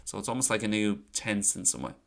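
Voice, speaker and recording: A man with a lowish voice teaches grammar in a chatty, relaxed way. He walks through examples and slows down to repeat key phrases. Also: gravelly. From Ireland. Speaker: Irish language teacher. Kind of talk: casual online lesson.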